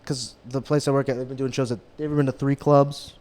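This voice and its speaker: A young man, a guest comedian, talking casually on a podcast and rambling through fillers and restarts into animated stories. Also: medium pitch, fast talker. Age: young adult. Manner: animated storyteller who sings impressions.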